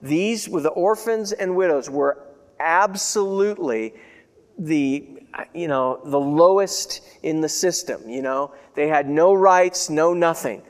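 A man preaches in a conversational, earnest way, his voice sitting a little high for a man. He repeats key phrases and drops to a hush before rising again. The sound rings with a long reverb, like a big hall. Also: takes it slowly, clear, resonant tone. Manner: conversational, earnest, repeats himself, swings between loud and hushed. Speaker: pastor. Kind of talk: sermon.

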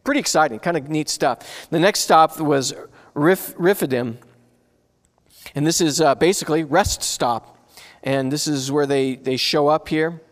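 Guy preaching, kinda high voice, chatty sermon w/ lots of questions, echoing church hall. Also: a little slow. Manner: conversational preaching with rhetorical questions. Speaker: pastor.

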